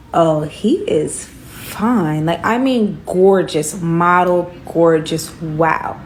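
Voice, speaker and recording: A young woman telling a casual storytime story in slangy speech, acting out the dialogue with sudden jumps up in pitch. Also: slight background noise.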